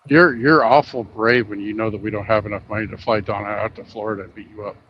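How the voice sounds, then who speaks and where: A man's voice: fairly low pitch, fairly even intonation, quick pace. A man co-hosting a casual live chat, making dry, wry remarks. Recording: dull lo-fi remote audio with faint noise.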